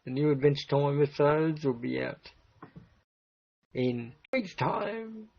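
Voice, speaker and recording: A man's voice: a little high, expressive, a little slow, vocal fry. A man hosting a livestream, meandering through his thoughts with many restarts. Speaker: livestream host. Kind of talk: rambling livestream chat. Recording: dull lo-fi stream audio.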